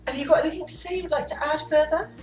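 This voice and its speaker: A woman's voice: high voice, steady tone, very fast. A woman chatting to camera in a vlog at home, unplanned, rambling and playful. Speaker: vlogger. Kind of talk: unplanned casual chat to camera. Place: room at home. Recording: echoey room, distant mic, faint music.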